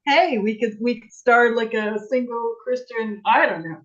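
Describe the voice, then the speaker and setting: A woman's voice: on the high side, normal speed. Chatty woman on a muffled video call. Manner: chatty, animated storytelling, acts out quotes. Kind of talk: casual chat.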